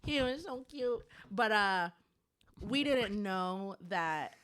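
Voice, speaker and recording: A woman co-hosting a podcast, telling stories in relaxed, chatty conversation and laughing easily. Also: mid-range voice, clear, resonant tone. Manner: chatty storytelling, quick to laugh. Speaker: podcast co-host. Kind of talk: casual chat.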